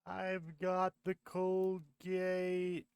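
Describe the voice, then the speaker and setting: Guy doing a whiny space critter, kinda high and slow, smooth dry voice. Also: monotone, a little mellow, no room sound, full character voice. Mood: grumbling. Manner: complaining, sulky. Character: whiny, indignant male creature from space.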